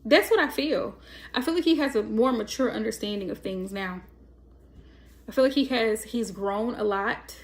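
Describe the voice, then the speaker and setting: Brief: woman tarot reader, a bit high-pitched, emphatic, chatty, acts out dialogue. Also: normal speed. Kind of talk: casual spoken tarot reading.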